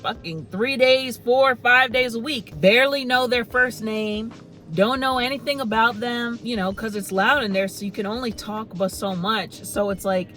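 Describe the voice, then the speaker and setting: A woman's voice: a little high, moderate pace, fairly bright tone, soft background music, rough recording. A woman in her thirties giving a casual spoken movie review, rambling and chatty with lots of "like" and "you know". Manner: chatty storytelling, heavy use of "like" and "you know".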